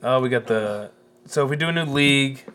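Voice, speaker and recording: A man's voice: medium pitch, a little fast, a bit bright. Joking, crude man on a podcast. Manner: joking, crude, keeps riffing on puns. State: drinking beer. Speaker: podcast co-host. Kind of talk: casual chat.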